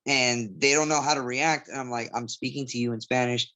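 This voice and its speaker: A man's voice: mid-range voice, fairly even intonation, brisk, sharp tone. A man, chatting casually as an interview guest and rambling through stories. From Southgate, California. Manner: rambling, storytelling with imitated voices. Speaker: MMA fighter guest.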